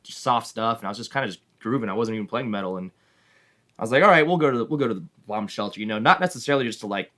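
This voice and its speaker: A man with a lowish voice races through his stories at a quick clip. He tells rambling anecdotes as a band's drummer, breaking into laughs and acting out what people said. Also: pushed and bright. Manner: rambling anecdotes with frequent laughs and acted-out quotes. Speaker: drummer, band member guest. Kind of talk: casual storytelling interview.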